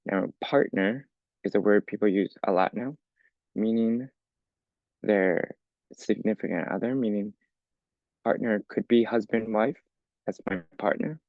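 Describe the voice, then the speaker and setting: A man's voice: lowish voice, moderate pace, no echo, narrow, tinny audio. A man teaching an English lesson for learners, explaining patiently step by step and often checking with "okay?". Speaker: ESL teacher.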